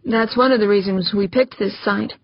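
A woman's voice: medium pitch, steady tone, normal speed, muffled recording, lightly acted. A woman reading aloud voices a middle-aged man leading a building project, enthusiastic and keen to promote it. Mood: eager.

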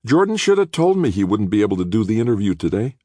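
A man's voice: lowish voice, very animated, quick pace, warm tone, dry recording, clean studio sound, voice pushed up. A man voicing a frustrated young male reporter who talks insistently and grumbles. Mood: irked, pressing.

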